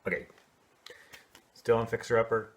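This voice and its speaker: A man teaching a children's choir, explaining solos in a relaxed, chatty way and singing short snippets to show how they go. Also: lowish voice, normal speed. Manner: casual, explanatory, sings short snatches to demonstrate. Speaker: music teacher. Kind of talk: coaching a kids' choir on song solos.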